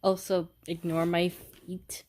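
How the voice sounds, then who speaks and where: A woman's voice: fairly low pitch, flat delivery, takes it slowly, a little mellow, a little hiss or hum. A young woman filming a casual unboxing vlog on her phone at home, giddy and giggly, rambling with lots of fillers. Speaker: vlogger. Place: upstairs room at home. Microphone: phone held by the speaker.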